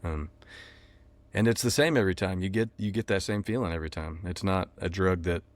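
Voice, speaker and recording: A man's voice: deep voice, fairly quick. A man from Texas, a musician guest chatting casually and loosely in an interview. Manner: laid-back, rambling, lots of fillers.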